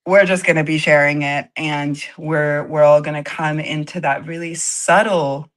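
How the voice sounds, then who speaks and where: A woman with a somewhat low voice talks animatedly over a video call. She speaks in the loose way of a live chat, laughs easily, and slips in Portuguese phrases. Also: fairly even intonation, moderate pace. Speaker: retreat co-host and cacao facilitator. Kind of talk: casual live-stream chat.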